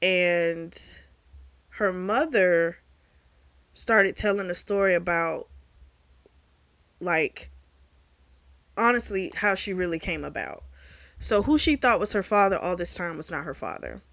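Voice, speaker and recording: A woman giving a casual spoken recap of a novel, animated and full of fillers, with the odd swear word. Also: fairly low pitch, slow, long pauses, no room sound. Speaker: book reviewer.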